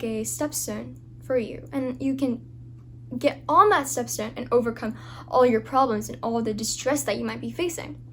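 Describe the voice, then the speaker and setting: A woman's voice: on the high side, slight background noise. A woman giving an informal devotional talk as a Christian speaker, earnest and full of fillers and restarts.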